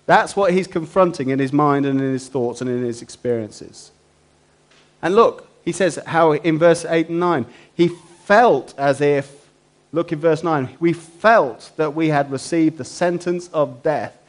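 A man preaching a sermon. His voice sits a little high for a man, and he keeps turning to the congregation with rhetorical questions. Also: a little slow. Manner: asks the listeners many rhetorical questions.

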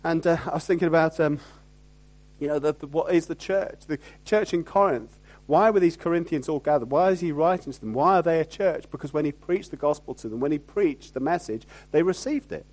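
A male pastor delivers a sermon in a fairly high-pitched, conversational voice at a fairly quick pace. He keeps asking his listeners rhetorical tag questions and alternates loud emphasis with lowered asides.

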